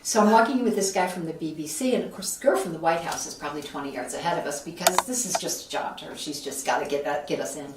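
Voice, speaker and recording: A woman's voice: low voice, fast, hardly any pauses. A woman from Buffalo, New York, telling a story as an interview guest, acting out the voices of the people in it. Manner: animated, acts out quoted voices. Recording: roomy echo, mic at a distance, faint background noise.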